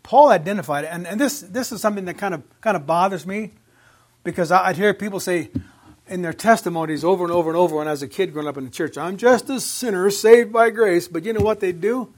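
A man's voice: sits high, quick pace. A man preaching in a church, reading scripture aloud and stressing points with repeated words and questions to the congregation. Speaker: pastor. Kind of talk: sermon.

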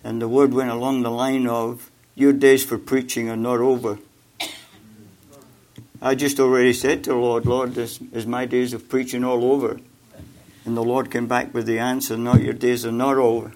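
An older preacher gives a sermon with personal testimony, speaking haltingly with many fillers and repeated words. His medium-pitched voice has little pitch movement, though he grows louder and more emphatic when he exhorts.

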